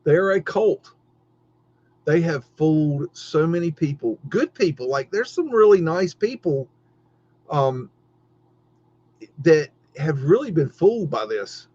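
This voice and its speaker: A man's voice: a little high, very animated, takes it slowly, long pauses, darkish tone. Fired-up, cursing middle-aged man. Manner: heated, profane, stammering restarts. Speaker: podcast host. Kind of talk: livestream rant. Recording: dull lo-fi stream audio.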